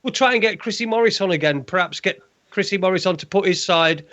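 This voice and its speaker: A man's voice: high-pitched, fast talker, a bit bright. A man hosting a talk show, wrapping up hesitantly with ums and restarts. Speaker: host. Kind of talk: show sign-off.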